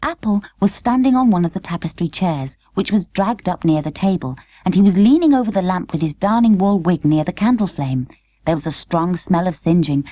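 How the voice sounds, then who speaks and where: A woman's voice: lowish voice, mellow, no echo. Woman reading a story aloud, lots of lilt, dry close sound. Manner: clear, measured storytelling. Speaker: audiobook narrator. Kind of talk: scripted narration.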